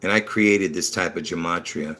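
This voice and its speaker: A man hosting a rambling religious livestream, repeating himself and bursting into excited emphasis, his words a little slurred from dentures. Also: low voice, normal speed. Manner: chuckles at his own slips. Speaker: livestream host.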